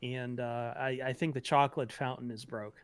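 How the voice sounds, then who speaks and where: A man hosting a sports podcast with a wry, sarcastic, low-key delivery, at a medium pitch. The sound is close and dry with no room around him. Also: little pitch movement, normal speed, smooth, no echo. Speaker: podcast host. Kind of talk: casual sports podcast chat.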